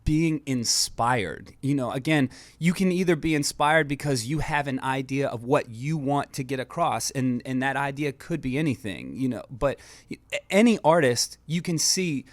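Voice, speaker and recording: An American man, a musician and producer, talking as a guest in a radio studio in a relaxed, reflective way, often saying "you know". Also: medium pitch, normal speed, hardly any pauses, no room sound. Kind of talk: casual interview chat.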